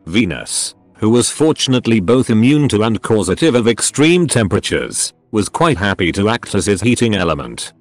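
A man's synthetic text-to-speech voice narrating a story, with even, unhurried reading. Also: lowish voice, soft background music. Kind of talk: audiobook-style story reading.

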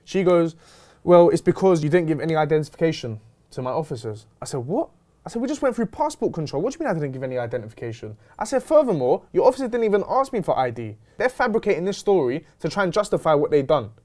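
A young man telling a story in casual chat, slangy and animated. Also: on the high side, quick pace. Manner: animated, slangy, retelling with quoted dialogue. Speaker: host.

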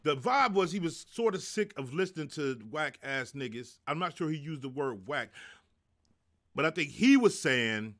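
A middle-aged man hosting a casual live stream, his pitch swinging up and down as he talks. He jokes, curses freely and reads viewers' chat aloud. His voice sits a little high for a man. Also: very animated, moderate pace, fairly bright tone. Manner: loose, profane, joking, reads chat aloud. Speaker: live show host.

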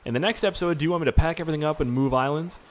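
A man's voice: fairly high pitch, very fast, slight background noise. A young man casually commenting on a survival game he is playing, rambling, joking and swearing a lot. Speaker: gaming YouTuber. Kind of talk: casual let's-play commentary.

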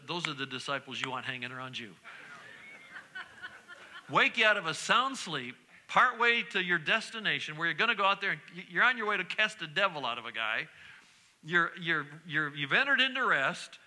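A middle-aged male pastor preaching a sermon in a church, repeating refrains and breaking into sudden shouts. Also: sits high. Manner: preaching with call-and-response repetition and sudden shouts. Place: church sanctuary.

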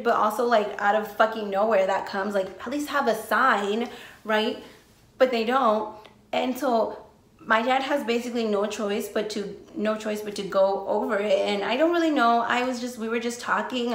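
A young woman from the United States telling a storytime vlog in casual talk, full of swearing and "like". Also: on the high side. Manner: casual, swears often, heavy use of "like". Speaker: vlogger. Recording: echoey room, faint noise.

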